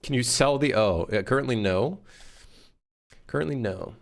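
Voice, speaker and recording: A man streaming his game development, muttering and swearing at the software as he works. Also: mid-range voice, moderate pace, gravelly. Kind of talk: casual live-stream commentary while working.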